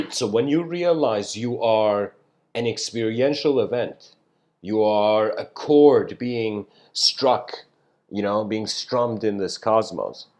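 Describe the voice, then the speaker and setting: A man giving a casual spiritual lecture, telling a story in a loose, rambling way and often clearing his throat. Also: lowish voice, slow, darkish tone.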